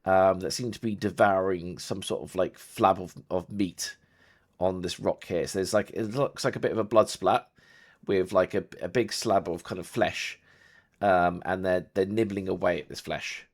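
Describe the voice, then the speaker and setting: Man, game master, very low voice, loose explanatory narration, lots of fillers. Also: steady tone, moderate pace.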